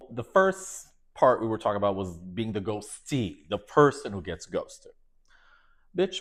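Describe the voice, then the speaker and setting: Sassy campy man hosting a podcast. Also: mid-range voice. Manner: sassy, campy, laughs often, calls listeners baby and honey. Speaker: podcast host. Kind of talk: casual solo podcast monologue.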